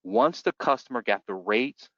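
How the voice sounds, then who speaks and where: Animated man teaching sales, muffled dry sound. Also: mid-range voice, moderate pace, dry recording. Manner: animated storytelling, acts out customers in voices. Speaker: sales trainer. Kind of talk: sales training talk. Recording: dull, muffled dry recording.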